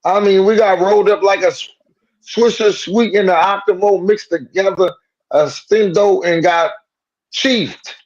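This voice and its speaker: A man co-hosting a sports call-in show, talking in a loose, slangy, animated way and riffing on jokes. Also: high voice, measured pace, muffled recording. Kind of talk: casual sports talk.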